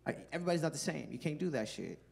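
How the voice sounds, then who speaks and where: A man doing stand-up comedy on a live stage, telling a profane story in an animated way. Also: on the high side, very fast, gravelly.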